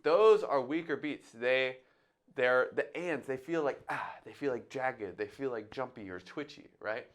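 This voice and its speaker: A man's voice: medium pitch, unhurried. A man teaching drums in a casual, step-by-step way, thinking aloud and singing drum sounds as he goes. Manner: talks through his thinking, sings drum sounds aloud. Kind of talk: casual instructional talk.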